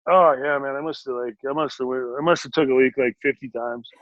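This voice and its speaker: A man in his forties, a retired hockey player and podcast guest, telling a long story in a rambling, animated way with many fillers. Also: mid-range voice, a little fast, dry recording, muffled recording. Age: 40s. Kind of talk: casual storytelling in an interview.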